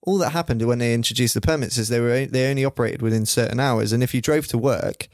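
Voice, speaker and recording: A man's voice: medium pitch, fast talker, dry recording. Man making dry, wry remarks. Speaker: podcast regular. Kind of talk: casual podcast chat.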